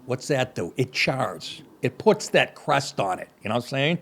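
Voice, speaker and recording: Brief: middle-aged man, podcast host, gravelly voice, lively swings, crude mocking commentary. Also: medium pitch, moderate pace. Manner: profane, sarcastic, mocking asides. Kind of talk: comedic news rant.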